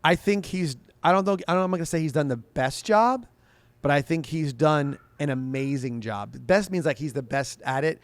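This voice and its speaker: A man's voice: on the high side, normal speed, no echo. A man hosting a sports radio show, answering listener questions in a loose, rambling way and often restarting his sentences. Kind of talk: casual sports talk show chat.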